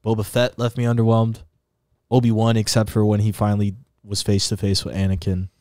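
A man's voice: fairly low pitch, monotone, brisk, mellow, dry recording, studio quality. A young man co-hosting a podcast, chatting casually in a laid-back, rambling way. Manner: laid-back, rambling, breaks into rapped lines. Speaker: podcast co-host. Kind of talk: casual chat.

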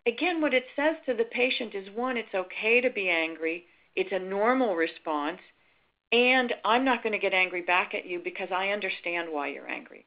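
Middle-aged woman, calm explanatory webinar presenter, mid pitch, muffled lo-fi sound. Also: normal speed. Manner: calm, explanatory, acts out sample dialogue. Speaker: risk management speaker. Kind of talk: webinar lecture.

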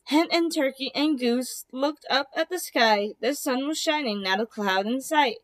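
A woman reading a children's picture book aloud in a slow, deliberate way. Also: high-pitched. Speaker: storybook reader. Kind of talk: children's storybook read-aloud.

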